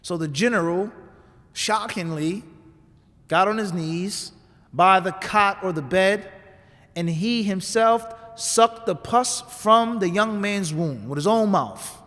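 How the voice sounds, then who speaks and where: A man's voice: high-pitched, takes it slowly, fairly bright tone, big-room sound. A man giving a sermon, telling a story in a conversational way and tossing rhetorical questions to the audience. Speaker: imam giving a talk. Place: mosque hall.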